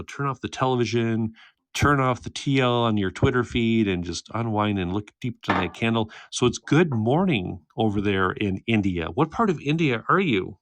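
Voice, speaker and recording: A man's voice: lowish voice, a bit bright, no echo. A man in his thirties hosting a casual livestream chat, reading viewer comments, teasing and laughing often. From United States. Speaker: livestream host. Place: home, indoors, by a candle.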